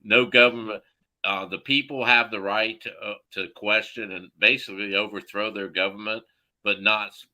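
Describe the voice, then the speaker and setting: A man in a group call ranting angrily about politics, heated and profane, with loud outbursts. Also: fairly low pitch, low-quality recording. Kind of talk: angry political rant.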